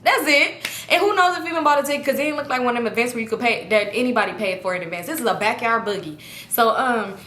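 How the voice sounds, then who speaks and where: A woman's voice: fairly high pitch, fast talker, slight background noise. A young woman telling a story from her own life in a casual, slangy way, acting out what people said. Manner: animated, slangy, acts out quoted people. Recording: echoey room.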